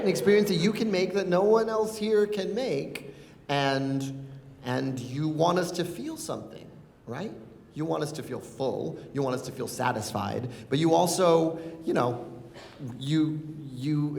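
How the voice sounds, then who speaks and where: A man in his forties talks as a guest in a live onstage conversation, quick and playful, then reflective. His voice sits a little high for a man. The sound echoes through a large hall with a long reverb. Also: lively intonation, gravelly, darkish tone.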